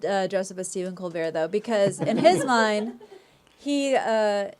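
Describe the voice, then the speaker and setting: A woman's voice: mid-range voice, steady tone, unhurried, noisy background. A woman co-hosting a podcast, chatting casually and cheerfully, laughing easily. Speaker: podcast co-host. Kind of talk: casual chat.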